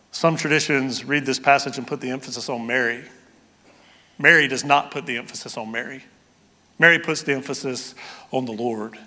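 A man preaching a sermon as pastor, moving between loud, excited storytelling and quiet, hushed emphasis. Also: mid-range voice, normal speed, long reverb tail.

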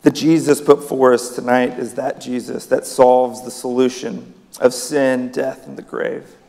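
A man's voice: medium pitch, level tone, unhurried, gravelly, a little mellow. A man preaching a sermon in a church hall, emphatic, his voice rising on key words. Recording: long reverb of a hall.

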